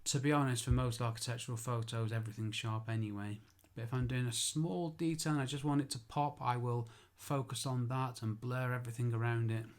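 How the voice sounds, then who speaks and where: A man's voice: medium pitch, steady tone, a little fast, few pauses. A man who works as an architectural photographer, giving an informal spoken tutorial. He chats, makes self-deprecating asides and corrects himself aloud.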